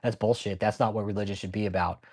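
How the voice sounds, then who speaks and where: Man, channel host, casual stream commentary, blunt and profane, rambling, lowish voice. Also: fairly even intonation, fast talker, darkish tone. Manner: blunt, profane, rambling, talks to chat viewers by name.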